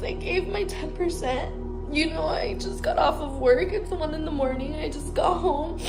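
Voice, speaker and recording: A young woman giving a rambling personal faith testimony straight to her viewers, saying "like" a lot and talking to them as "you guys". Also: very high-pitched. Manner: rambling, heavy use of "like", addresses viewers directly. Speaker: faith vlogger. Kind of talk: casual personal testimony to camera.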